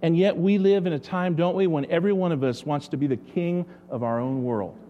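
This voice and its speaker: A man's voice: a little high, fairly quick, lo-fi sound, a little hiss or hum. A man preaching a sermon as pastor, asking the congregation rhetorical questions.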